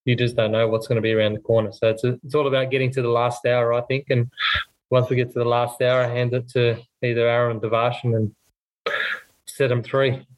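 A man guesting on a podcast, voice sitting in a middle register. He talks in an upbeat, chatty way with frequent quick restarts. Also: mid-range voice, little pitch movement, rough recording. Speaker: guest, racing team part owner. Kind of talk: casual podcast interview.

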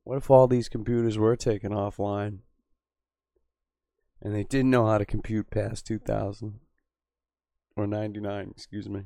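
A man hosts a livestream, talking crude and sarcastic, peppering everything with "bro". His low voice has a gravelly edge but stays smooth, and the sound is close and dry. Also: level tone, normal speed, long pauses, mellow, dry recording. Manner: crude, riffing, sarcastic, says "bro" a lot. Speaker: livestream host reading chat. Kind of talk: profane casual livestream chat. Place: Boston area.

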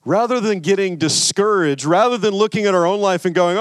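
A man preaching a sermon in a loose, conversational way, stumbling over and repeating words as he goes. His voice sits a bit higher than most men's. The sound is dry, with no room around it. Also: lively intonation, fairly quick, hardly any pauses, dry recording. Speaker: pastor.

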